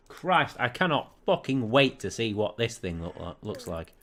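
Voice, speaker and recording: A man's voice: medium pitch, expressive, normal speed, few pauses, fairly bright tone, soft background music. A man commenting on a video game he is playing, sarcastic and prone to laughing and swearing. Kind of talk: let's play commentary.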